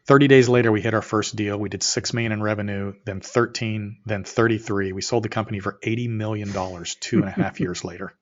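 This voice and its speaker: A middle-aged man, an entrepreneur guest on a podcast, telling a story with energy and acting out both sides of the dialogue, sometimes rising to near shouts. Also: lowish voice, fairly even intonation, brisk, few pauses. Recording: muffled, slightly lo-fi audio.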